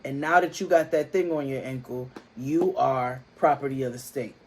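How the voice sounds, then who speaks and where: A man's voice: mid-range voice, normal speed, slight background noise. A man co-hosting a casual TV recap chat who laughs easily and riffs on the scenes. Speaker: co-host of a TV recap show.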